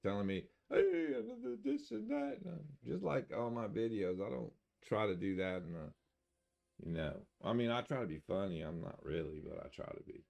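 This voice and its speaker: An older man streams a video game, chatting casually in a rambling, folksy manner and chuckling to himself, and he mentions having an accent. His voice sits low, creaky and darkish, and he talks a little fast.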